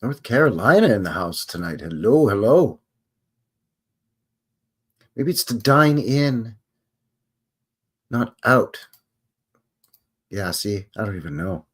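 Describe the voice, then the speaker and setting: A man's voice: on the low side, breathy edge. Rambling chatty male livestream host. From Canada. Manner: rambling, chatty, self-questioning. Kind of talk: casual chat with live viewers.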